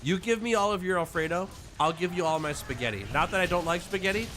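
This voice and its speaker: A man streams a game with music playing behind him, talking quickly in a high, fairly bright voice over slight background noise. He chats casually and playfully with viewers, laughing often and reading their messages aloud.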